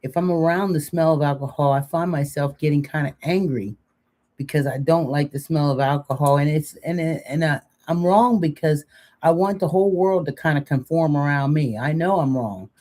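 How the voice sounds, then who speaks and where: A woman's voice: low-pitched, normal speed, warm tone. An older woman co-hosting a casual live chat, talkative and joking, rambling into long stories. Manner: chatty, joking, rambling storyteller. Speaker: co-host.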